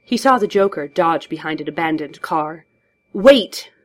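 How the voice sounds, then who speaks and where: A woman reads a story aloud, steady and measured. Her voice sits on the low side and keeps an even pace. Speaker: narrator. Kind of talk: audiobook narration.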